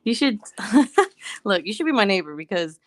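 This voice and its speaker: A woman's voice: medium pitch, big pitch swings, normal speed, no echo. A woman in her thirties, a mom at home in Hawaii, chatting casually, laughing often and humming little tunes. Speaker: vlogger. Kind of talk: casual chat while working.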